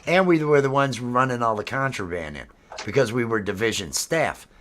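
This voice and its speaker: A man's voice: mid-range voice, expressive, normal speed, a bit bright, slight background noise. A middle-aged man talking in a casual, blunt, easygoing way. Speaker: podcast co-host. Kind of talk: casual chat.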